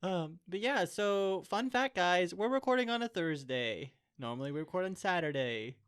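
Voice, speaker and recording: A man's voice: high voice, lively intonation, normal speed, a bit bright, clean tone. A young man co-hosting a casual podcast chat, talking in a chatty, joking way and laughing often. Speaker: podcast co-host.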